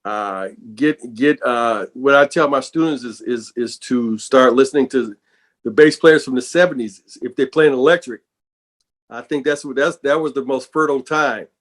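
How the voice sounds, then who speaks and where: Animated storytelling male bassist. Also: normal speed. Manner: animated, repeats words while telling stories. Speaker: bassist and guest. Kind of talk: casual interview storytelling.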